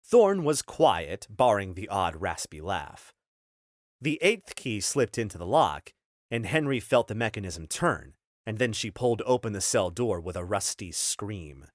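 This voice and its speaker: A man's voice: lowish voice, animated, measured pace, dry recording. A man narrating an audiobook in a scripted style, telling the story steadily on a close studio mic.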